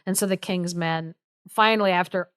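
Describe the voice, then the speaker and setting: A woman's voice: on the low side, fairly even intonation, moderate pace, a bit bright, smooth, no room sound, studio quality. A young adult woman co-hosting a podcast, retelling a folk tale in a chatty way, with lots of fillers. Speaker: podcast co-host. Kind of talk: casual storytelling chat.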